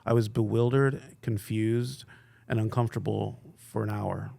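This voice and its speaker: A man co-hosting a church podcast in casual chat, supportive and quick to chime in with agreement. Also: fairly low pitch, steady tone, gravelly, mellow, no room sound.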